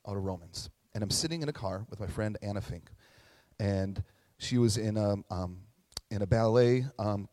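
A young man preaching in a relaxed, conversational way, telling stories and slipping into the voices of the people he quotes. His voice sits at an ordinary middle pitch. The sound is dry and close, with little room echo. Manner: casual, storytelling, acts out quoted voices. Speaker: pastor. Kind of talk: sermon.

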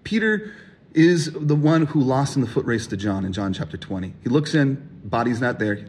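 A man preaching a sermon, animated and emphatic, acting out the voices of people in his stories. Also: mid-range voice, moderate pace, slight background noise. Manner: animated, acts out voices in quotes, rising emphasis. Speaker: pastor.

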